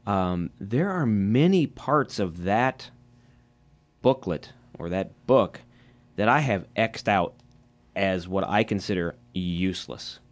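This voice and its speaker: A man on a casual gaming podcast who talks in a measured, reflective way. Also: sits low, lively intonation.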